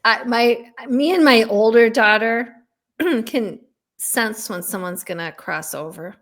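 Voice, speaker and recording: A woman's voice: fairly high pitch, slow, fairly bright tone. A woman guest psychic chatting casually, telling stories with many fillers. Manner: chatty, storytelling, filler-heavy. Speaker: guest psychic and podcast host. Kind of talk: casual conversational chat.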